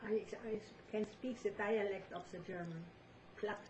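A woman in a casual group conversation, giving short, quiet answers. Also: mid-range voice, fairly even intonation, unhurried.

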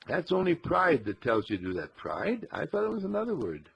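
A man gives a spiritual talk in a gravelly, husky voice. His pitch rises and falls a great deal as he acts out small everyday scenes, and his delivery stays animated throughout. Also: fairly quick, hardly any pauses. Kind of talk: inspirational talk.

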